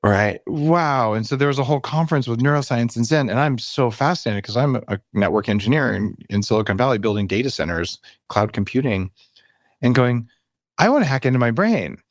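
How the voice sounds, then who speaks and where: Clean, dry studio sound captures a brisk man in his fifties who writes on biohacking, guesting on a podcast. In candid interview storytelling, he animatedly performs the voices and quotes, moving his pitch for emphasis.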